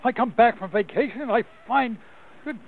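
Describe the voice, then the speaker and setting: A man's voice: very high-pitched, normal speed, voice pushed up. A man voicing a ranting, preachy old religious caller on a voicemail. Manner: thundering, preachy condemnation. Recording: tinny phone line.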